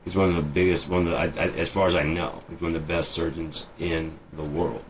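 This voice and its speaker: A young man with a very low voice rambles through a profane monologue, jumping between tangents. There is a faint hiss of noise behind him. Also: little pitch movement, brisk. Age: 20s. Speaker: vlogger.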